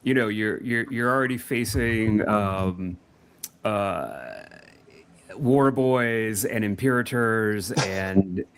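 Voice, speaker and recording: A man's voice: fairly low pitch, takes it slowly, slight background noise. A man co-hosting a casual panel chat about conventions, rambling with many restarts and repeated words. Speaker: podcast co-host, editor.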